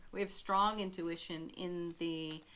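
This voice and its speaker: A middle-aged woman reads tarot cards for her viewers in an unhurried, gentle way. She breaks into soft little laughs as she goes. Her voice sits a little low, with a faint hiss behind it. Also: steady tone. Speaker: tarot reader. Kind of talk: spiritual tarot reading to camera.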